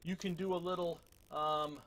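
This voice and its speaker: High-voiced man teaching drums casually. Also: moderate pace, very noisy. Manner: relaxed, self-deprecating, many fillers. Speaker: drum teacher. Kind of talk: casual drum lesson. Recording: loud drums between talk.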